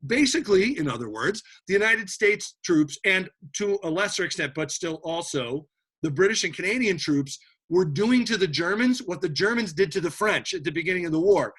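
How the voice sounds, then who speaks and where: An animated male teacher lectures on history in a casual classroom style, joking and restarting his sentences often. His voice is high for a man and bright. He keeps the class engaged with quick asides. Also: slightly rough.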